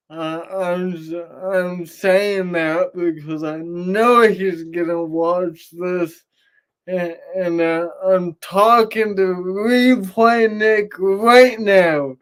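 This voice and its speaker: High-voiced man hosting a playful livestream. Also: steady tone, drawn-out words, fairly bright tone, smooth. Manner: playful, teasing, sing-song. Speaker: host of a Bible reading livestream. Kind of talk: casual livestream chat with viewers.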